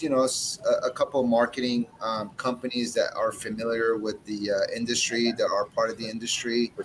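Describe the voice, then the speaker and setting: A man's voice: mid-range voice, a little hiss or hum, low-quality recording. Brash, profane cigar-business man. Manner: blunt, profane, brash storytelling. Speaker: cigar brand owner. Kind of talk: casual interview chat.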